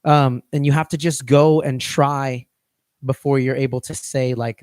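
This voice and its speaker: A man's voice: medium pitch, steady tone, unhurried, a little mellow, clean tone, no room sound, studio quality. A man co-hosting a fitness coaching podcast, talking casually and rambling, often restarting his phrases.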